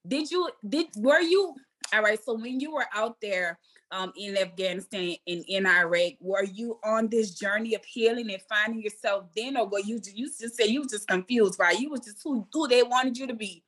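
A woman's voice: fairly high pitch, normal speed, a bit bright. Effusive host woman with a New Orleans accent. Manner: effusive, enthusiastic, calls guest girl and baby. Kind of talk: casual interview chat.

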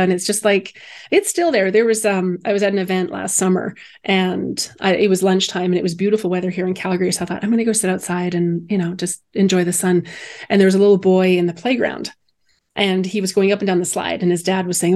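A woman's voice: fairly low pitch, fairly even intonation, a little fast, darkish tone. A bereaved mother in casual conversation, telling a personal story with animation and acting out the voices of the people she quotes.

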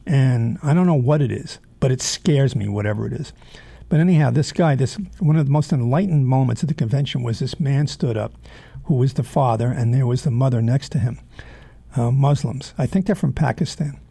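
Male host, blunt commentary, lots of "uh"s, mellow tone, close and dry. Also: mid-range voice, gravelly, slightly rough, dry recording. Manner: halting, many fillers, frank and blunt. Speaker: show host. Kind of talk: opinionated political commentary monologue.

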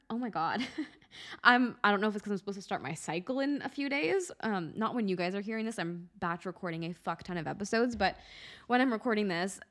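A woman's voice: mid-range voice, animated, fairly quick, a bit bright. A young woman hosting a solo podcast about life purpose, chatting casually and emotionally, close to tears, with lots of "like" and frequent swearing.

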